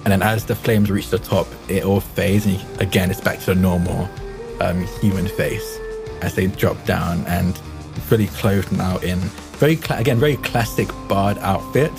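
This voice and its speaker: A man's voice: low voice, normal speed, creaky, over music. A man playing a tabletop game, describing his character's transformation in a chatty way, laughing and searching for words. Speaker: player.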